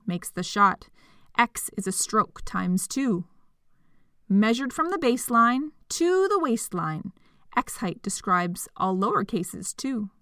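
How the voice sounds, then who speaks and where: A woman reading a rhyming storybook aloud, playful and expressive, with whispered asides. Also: a little high, takes it slowly, no echo, studio quality.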